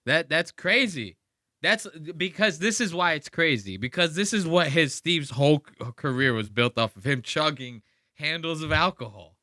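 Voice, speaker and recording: A male podcast host ranting in a casual, profane, animated way, full of "like". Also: fairly high pitch, normal speed, no echo, studio quality. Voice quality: animated, profane, heavy use of "like".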